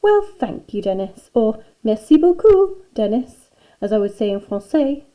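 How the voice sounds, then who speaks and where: A woman's voice: fairly high pitch, animated, a little fast, mellow, low-quality recording. A woman reading aloud as a prim, haughty woman teacher who adores everything French, in a children's storybook. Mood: gushing.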